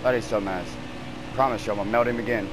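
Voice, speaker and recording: A man's voice: fairly low pitch, steady tone, fast, background noise. A man trash-talking heatedly and cursing while racing online with friends over a headset at home. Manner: profane, ranting, heated, talks to teammates. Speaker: gamer streaming online racing. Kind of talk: angry gaming trash talk.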